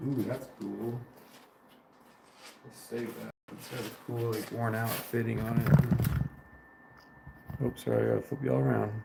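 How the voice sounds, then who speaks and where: A man's voice: mid-range voice, fairly even intonation, a little slow, creaky, long pauses. A man chatting offhandedly on a livestream as he works in his garage, muttering to himself. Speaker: livestream host. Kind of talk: casual livestream chat while working. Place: home garage. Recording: noisy garage with clanking tools.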